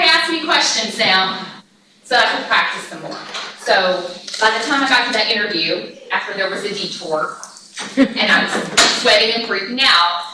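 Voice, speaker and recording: A woman's voice: mid-range voice, distant mic. A woman with a Texan accent giving a chatty conference talk to an audience, acting out her back-and-forth dialogue and then taking questions. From Texas. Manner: chatty, acts out dialogue with quick quoted voices. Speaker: conference speaker. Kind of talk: presentation with audience Q&A. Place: conference room. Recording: echoey room recorded from afar, noisy.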